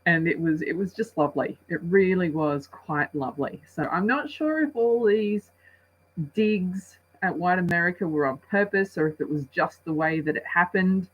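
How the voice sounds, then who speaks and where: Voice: medium pitch, moderate pace, phone-quality sound. A movie reviewer giving a casual spoken review, rambling and chatty, with many restarts and acted-out asides.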